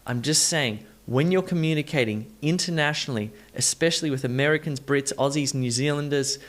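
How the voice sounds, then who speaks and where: Speaking in a slightly high voice, this instructor talks learners through English pronunciation, saying words slowly and repeatedly to show where the syllable stress falls.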